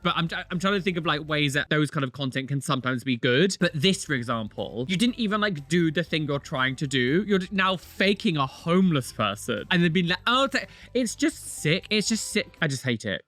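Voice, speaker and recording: Lively, bright-voiced young man ranting. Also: a little high. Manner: animated, exclaiming, disgusted rants. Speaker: reaction video host. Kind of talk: casual commentary.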